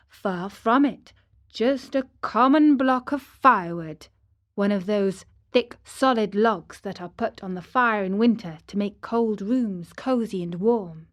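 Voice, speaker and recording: A woman narrating a children's audiobook in a slow, gentle storytelling manner. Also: mid-range voice.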